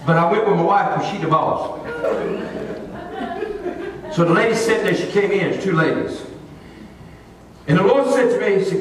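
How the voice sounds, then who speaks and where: A male pastor preaching a sermon, telling a folksy story in an animated way. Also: sits high, moderate pace, long pauses, a little hiss or hum. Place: church sanctuary. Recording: echoey church hall, distant mic.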